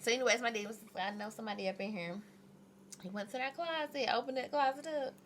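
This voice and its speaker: A young woman guest telling a story in a casual, animated way. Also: fairly high pitch, quick pace. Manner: animated, laughing, acts out quotes. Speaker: podcast guest, pole and yoga instructor. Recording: faint background noise.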